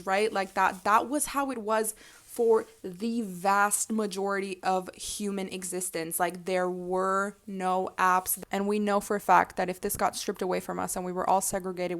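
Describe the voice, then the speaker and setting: A young adult woman vlogger gives a casual, reflective monologue in a mid-range voice, earnest and emphatic. She swears freely and grows tearful.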